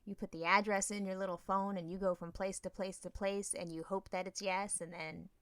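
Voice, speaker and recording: A woman's voice: mid-range voice, flat delivery, a little fast, no room sound. A woman co-hosting a podcast interview with playful, teasing banter. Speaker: podcast co-host. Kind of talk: casual chat.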